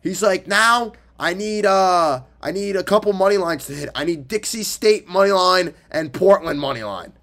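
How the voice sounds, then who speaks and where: Young guy co-host, slightly high voice, lively teasing banter, casual storytelling. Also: normal speed, hardly any pauses. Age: young adult. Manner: animated, teasing, swears freely. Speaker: podcast co-host.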